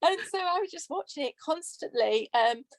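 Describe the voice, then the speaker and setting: Woman, English accent, author guest, chatty, fairly high, dry close mic. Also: lively intonation, normal speed, dry recording. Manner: chatty, laughs often, trailing restarts. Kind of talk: casual podcast chat.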